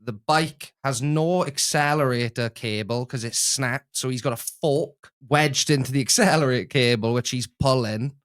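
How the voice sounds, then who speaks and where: A man's voice: medium pitch, normal speed, few pauses, smooth. Easygoing young man telling stories. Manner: relaxed storytelling, easygoing. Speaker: co-host. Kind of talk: casual live-stream chat.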